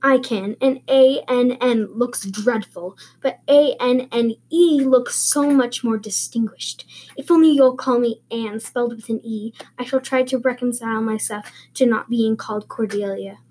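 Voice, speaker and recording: A woman's voice: a little high, unhurried, darkish tone, slight background noise, natural voice. A woman voicing an eager, talkative eleven-year-old orphan girl who speaks in a dreamy, earnest, wordy way.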